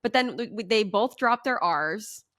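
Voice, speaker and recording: Bright-voiced chatty woman co-host. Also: medium pitch, lively intonation, measured pace. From Rhode Island. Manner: rambling, chatty, frank. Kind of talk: casual interview chat.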